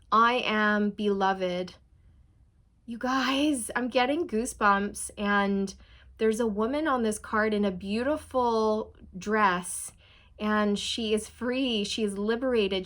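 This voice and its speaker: A young adult woman giving a slow, soothing channeled tarot reading, speaking straight to her viewers. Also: medium pitch, sharp tone. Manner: slow, soothing, spiritual, addresses viewers as you guys. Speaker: tarot reader.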